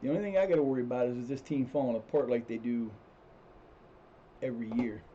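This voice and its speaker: A man's voice: mid-range voice, fast, mellow, muffled recording, slight background noise. A man streaming a football management game, chatting casually as he plays, often restarting his sentences and cursing when things go wrong. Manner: rambling, restarts sentences, swears when frustrated. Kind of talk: casual gameplay commentary.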